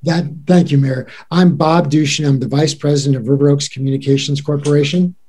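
A man acting as a cable franchise consultant, giving a measured, formal briefing during a city council meeting, heard over a video call. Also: on the high side, fairly even intonation, dark tone, husky.

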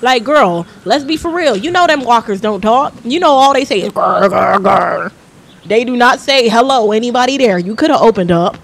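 A woman streamer, loudly and brashly joking while she plays a game live. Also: fairly high pitch, expressive, fairly quick, hardly any pauses.

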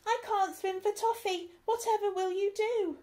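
A woman's voice: sits high, wildly swooping pitch, very slow, warm tone, pitched above the performer's own voice, exaggerated voice. Woman doing Stew, a squealing panicky sailor. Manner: squealing, alarmed cries. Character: panicky young male sailor, always fretting.

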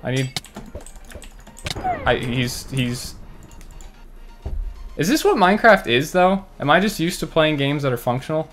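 A man giving running commentary on his own gameplay, muttering to himself and breaking into loud, frustrated outbursts. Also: a little high, huge pitch swings, a little slow, pauses often, faint music behind. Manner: talks to himself while playing. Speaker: gaming channel host.

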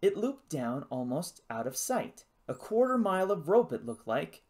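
An audiobook narrator reading an adventure novel aloud in an expressive storytelling manner. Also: mid-range voice, moderate pace. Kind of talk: scripted narration.

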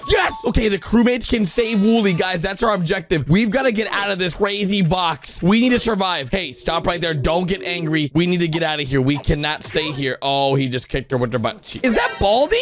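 A man giving excited reaction commentary over animations, exclaiming and calling out to viewers. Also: a little high, a little fast. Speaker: YouTube commentator. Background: background music.

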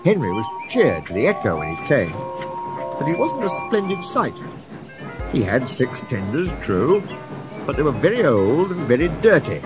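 A man narrating a storybook tale in a measured, expressive way. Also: medium pitch. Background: music.

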